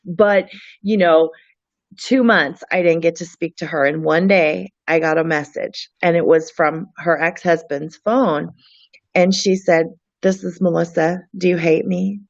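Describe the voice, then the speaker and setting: A woman speaking earnestly in an interview, with frequent restarts and a halting delivery. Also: lowish voice, fairly even intonation, no room sound, lo-fi sound. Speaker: guest, friend of a missing woman. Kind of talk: emotional interview talk.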